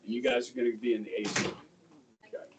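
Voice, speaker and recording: A middle-aged male high school history teacher telling a story to his class, checking in with "okay?" and acting out the people in it. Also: fairly even intonation, a little fast. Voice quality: conversational, acts out quoted voices, asks "okay?" often. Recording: distant mic in a classroom, faint room noise.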